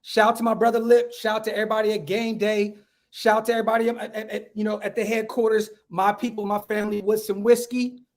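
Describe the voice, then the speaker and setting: A man hosting a casual livestream podcast outdoors at home, talking in hyped slang and giving shout-outs to viewers. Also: high-pitched, level tone, fast talker. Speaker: podcast host.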